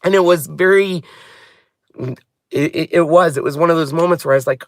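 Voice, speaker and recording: A man who hosts a craft channel chats casually from inside his car in a vlog, rambling, heartfelt, and often wandering off on tangents. His voice is a little high, at a normal speed, with frequent pauses.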